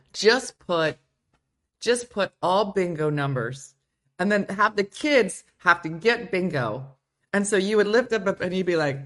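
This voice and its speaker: A woman hosting a casual livestream chat from home, playfully riffing on viewer comments. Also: fairly low pitch. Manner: playful, reads viewer comments aloud and riffs on them. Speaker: show host.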